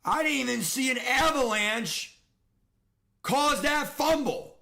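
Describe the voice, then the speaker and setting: A man's voice: very high voice, expressive, takes it slowly, vocal fry, sharp tone. A young man streaming a football video game, ranting and swearing in frustration as he plays. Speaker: gaming streamer. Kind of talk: live game commentary rant.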